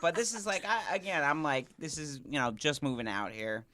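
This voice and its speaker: Bright-voiced man telling a rambling story. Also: a little high, a little fast. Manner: rambling, full of restarts and fillers. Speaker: comedian guest. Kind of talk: casual comedic storytelling.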